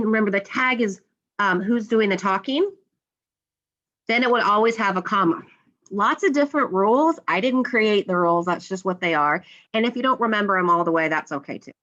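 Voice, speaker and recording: A woman's voice: fairly high pitch, normal speed, fairly bright tone, highs cut off. A woman teacher explaining a grammar lesson step by step, patiently, and acting out the example lines.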